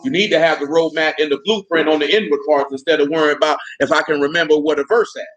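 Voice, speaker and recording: Conversational preacher, man, fairly high voice. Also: steady tone, quick pace, a bit bright, dull audio. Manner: conversational preaching, colloquial, asks listeners questions. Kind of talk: sermon.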